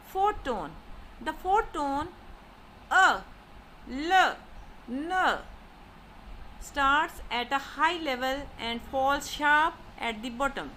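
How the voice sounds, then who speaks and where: A woman giving a slow lesson as a language teacher, saying example syllables one by one with exaggerated rises and falls. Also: sits high, sharp tone, slight background noise. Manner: deliberate, repeats example syllables with exaggerated tones. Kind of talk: slow explanatory lesson narration.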